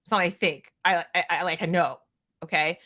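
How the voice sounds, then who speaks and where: A middle-aged American woman hosting an opinionated commentary show, talking in an animated, sarcastic way and reading out viewer comments. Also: fairly low pitch, moderate pace. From United States. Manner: animated, sarcastic, mimics people in mocking voices. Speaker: show host.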